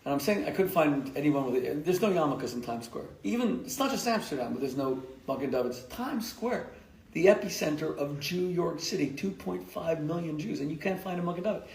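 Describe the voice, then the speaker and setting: A man's voice: fairly high pitch, lively intonation, brisk, creaky, a little mellow. A man, a rabbi, giving an emphatic, joking lecture to a community audience and laughing at his own jokes. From United States. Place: lecture hall. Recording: echoey lecture hall.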